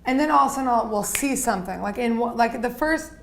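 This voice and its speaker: A woman guest on a podcast, a photographer, telling stories in an animated way with many "like"s. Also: fairly high pitch, quick pace, creaky, slight background noise. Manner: animated, heavy use of "like". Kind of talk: casual interview chat.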